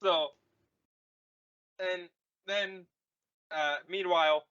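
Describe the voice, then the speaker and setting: Profane rambling podcast host, man, bright voice, dull lo-fi recording. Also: sits high, steady tone, extremely slow, smooth. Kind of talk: casual movie recap.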